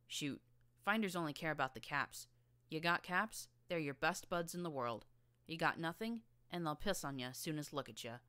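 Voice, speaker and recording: A woman voicing a tough, streetwise young filly gang leader with a rough rural drawl and a blunt, slangy manner. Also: deep voice, expressive, normal speed, bright, forceful tone, no room sound.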